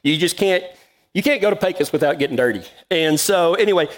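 A man's voice: on the high side, expressive, brisk. A middle-aged man telling a folksy story in a cowboy sermon, drawling and laughing at his own tale. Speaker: cowboy preacher.

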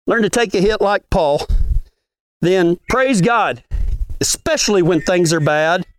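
High-voiced, lively Texan preacher man. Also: dry recording. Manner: folksy, animated, asks the room questions. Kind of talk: sermon. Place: ranch gathering.

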